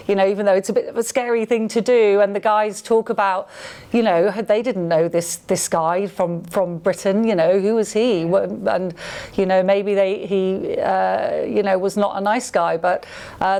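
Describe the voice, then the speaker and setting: A woman at mid pitch speaks up for a film festival in a radio studio. She is enthusiastic but halting, often pausing to find the word. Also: darkish tone. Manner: enthusiastic, halting, searching for words. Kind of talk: casual radio interview.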